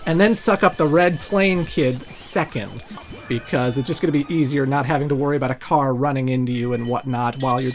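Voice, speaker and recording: A man hosting a let's play, giving jokey, rambling gameplay commentary. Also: high voice.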